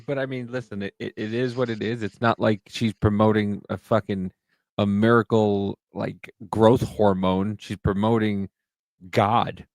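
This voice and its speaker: A man talking in a casual podcast chat, rambling and animated, swearing freely. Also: on the low side, unhurried, dry recording. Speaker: podcast host.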